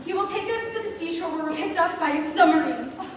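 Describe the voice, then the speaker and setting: A woman's voice: extremely high pitch, lively intonation, fast talker, slight background noise. A young woman acting the part of an anxious, tearful wife in a live stage play. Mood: eager. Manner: worried, tearful pleading. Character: anxious, fretful middle-aged wife. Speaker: student actor. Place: school auditorium stage. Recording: echoey hall from far off.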